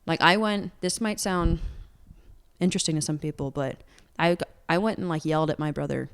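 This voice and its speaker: A woman's voice: sits low, normal speed, clear, resonant tone. A young woman singer-songwriter talking openly in an interview, earnest and candid, peppering her speech with "like.". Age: young adult. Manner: earnest, open, heavy use of "like".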